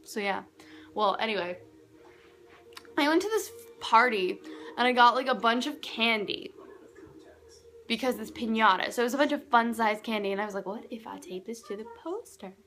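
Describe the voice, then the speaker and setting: A woman's voice: a little high, normal speed, pauses often, a bit bright, a little hiss or hum. A teenage girl telling a story to camera at home in a casual, chatty way, acting out what people said. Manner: chatty, acts out quoted dialogue. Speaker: vlogger.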